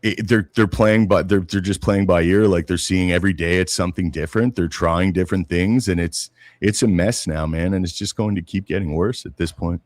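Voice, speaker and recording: Low-voiced man in casual political chat. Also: a little fast, few pauses, no echo. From Canada. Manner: casual, says "man" often, animated retelling. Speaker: podcast co-host.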